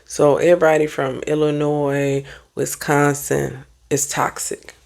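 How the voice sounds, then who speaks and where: A woman therapist and life coach giving animated, preachy advice in a casual motivational vlog, talking back to online commenters. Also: low voice, measured pace, vocal fry. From United States.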